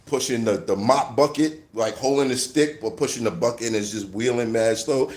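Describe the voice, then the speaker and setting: A man telling a mocking story in a loud, animated way, laughing often and shouting at times. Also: mid-range voice, normal speed. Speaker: host. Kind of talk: casual storytelling rant.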